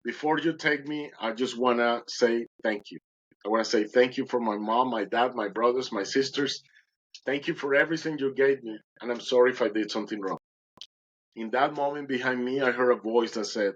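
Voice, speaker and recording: A man's voice: mid-range voice, a little fast, a bit bright, highs cut off. A podcast guest, a man, recounting a dramatic personal story in conversation and acting out his own words with animation.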